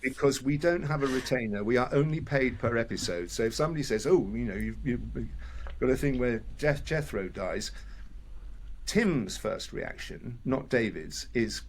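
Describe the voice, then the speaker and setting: An older man from England chatting as an interview guest, telling lively stories, mimicking voices and laughing often. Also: mid-range voice, normal speed, slight background noise. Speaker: actor guest. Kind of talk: casual interview chat.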